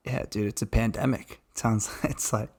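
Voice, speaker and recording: A man's voice: medium pitch, steady tone, moderate pace, husky. A young man co-hosting a podcast who keeps asking questions and chuckles often. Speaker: podcast co-host. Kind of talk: casual podcast chat.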